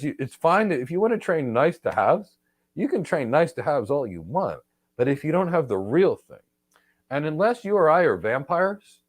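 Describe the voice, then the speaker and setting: Man, live Q&A host, blunt, emphatic, repeats key points, swooping pitch, dry sound. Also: dry recording. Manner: emphatic, repetitive, blunt and opinionated. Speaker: host, career trainer. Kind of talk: live Q&A answering viewer questions.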